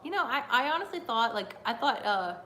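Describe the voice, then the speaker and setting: A woman's voice: a little high, fairly quick, a little hiss or hum. Chatty, rambling woman streamer. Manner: rambling, excitable, many fillers and laughs. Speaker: streamer hosting a wrestling watch-along. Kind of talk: live reaction chat.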